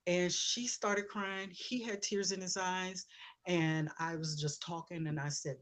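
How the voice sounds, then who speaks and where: A woman's voice: on the low side, fairly even intonation, measured pace. A woman, an author guest in an interview, telling a personal story in a heartfelt, conversational way, often searching for words.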